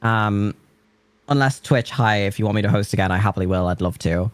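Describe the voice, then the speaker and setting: A man's voice: lowish voice, fairly quick, no room sound. An Irish man, a drag performer, chatting casually and rambling with self-mocking humour. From Ireland. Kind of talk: casual chat.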